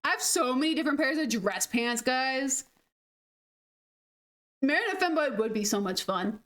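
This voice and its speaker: A young woman chats over her gameplay in a high, bright-sounding register. She rambles loosely from thought to thought and giggles often. Her talk is peppered with "like". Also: lively intonation, normal speed, noisy background. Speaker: gaming streamer. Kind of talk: casual chat over gameplay.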